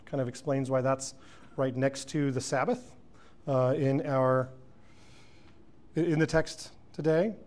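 A man's voice: mid-range voice, fairly even intonation, takes it slowly, pauses often, darkish tone. A man teaching through a Bible passage verse by verse, reading scripture aloud and then explaining it, with fillers and self-corrections.

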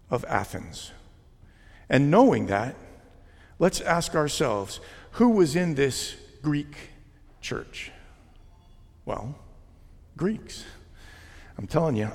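Pastor, male, mid-pitched and gravelly; casual, joking sermon delivery, reverberant sanctuary. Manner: conversational, gently joking preaching. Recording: long hall reverb.

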